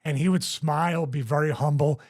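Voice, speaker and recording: A man's voice: a little high, fairly quick. A man hosting a wrestling podcast, telling backstage stories in casual chat with lots of restarts. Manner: rambling, animated storyteller with frequent restarts.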